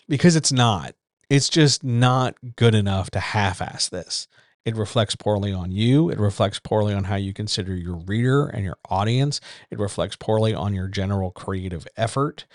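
A man's voice: fairly low pitch, darkish tone, no room sound, clean studio sound. A man hosting a casual writers' chat from a small home room, bluntly lecturing with rhetorical questions. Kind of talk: casual advice monologue. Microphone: decent USB-style desk microphone.

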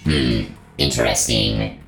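A man's voice: takes it slowly, a bit bright, full character voice. A man voicing a cold alien male entity who collects human relics, speaking in a formal, detached, clinical way. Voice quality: very deep and gravelly. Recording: roomy recording with music behind.

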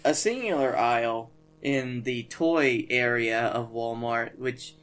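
Deadpan man, mid-pitched. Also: slow pace, smooth. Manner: dry, deadpan. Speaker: podcast co-host. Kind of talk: casual comedic storytelling.

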